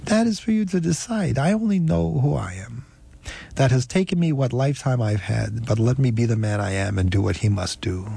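A man reading an audiobook, voicing a weak, wounded enslaved man who speaks slowly and deliberately. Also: medium pitch, gravelly, mellow, slightly rough. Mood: defiant. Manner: slow, deliberate, halting. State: weak and parched. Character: dying enslaved man, defiant and resolute.

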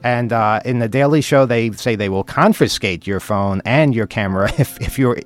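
A man's voice: mid-range voice, moderate pace, faint music behind. A man hosting a talk radio show, chatting wryly and tripping over his words. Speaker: radio host. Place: radio studio.

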